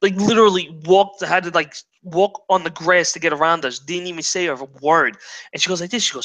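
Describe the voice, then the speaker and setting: A man's voice: fairly high pitch, fairly even intonation, brisk, a bit bright. A young man, a guest chatting casually, rambling and swearing freely. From New York. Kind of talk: casual chat.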